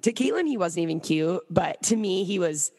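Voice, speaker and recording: A young woman co-hosting a podcast, telling stories in a giggly, animated casual chat. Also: on the low side, normal speed, big-room sound. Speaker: podcast co-host.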